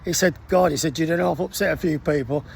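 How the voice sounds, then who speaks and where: This sixties-aged military veteran speaks quickly in a gravelly, husky voice that sits on the high side. He's spinning a casual anecdote with real liveliness, imitating the voices of the other people in the story.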